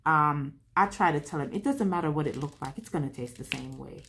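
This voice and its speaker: A woman's voice: sits low, fairly quick, gravelly, a bit bright. A woman hosting a home vlog, chatting casually and candidly while she crafts, rambling and talking to herself as she works. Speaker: vlog host.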